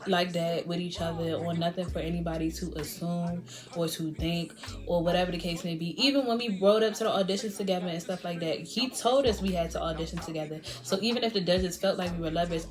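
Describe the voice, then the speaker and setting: A young woman vlogger telling a storytime with animated delivery, laughing often and acting out what others said. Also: on the low side, fairly quick, crowd noise. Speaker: beauty vlogger. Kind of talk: storytime vlog.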